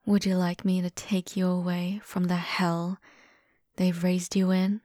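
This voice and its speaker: In a whispered role-play, a young woman plays an obsessive and devoted young lover. She speaks softly and intimately in a slow, mellow half-whisper. The recording is close and dry. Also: mid-range voice, steady tone, dry recording.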